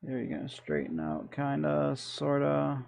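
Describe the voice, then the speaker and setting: A man's voice: medium pitch, big pitch swings, a little slow, creaky, a little mellow. A man with a Michigan accent, streaming and chatting casually through his gameplay in a rambling, self-deprecating way.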